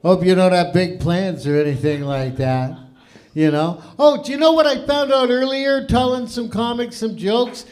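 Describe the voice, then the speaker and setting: An older Canadian man with a Canadian accent hosting a stand-up comedy night, crude and profane, with loud punchlines. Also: high-pitched, moderate pace, low-quality recording. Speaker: comedy show host. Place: comedy club stage.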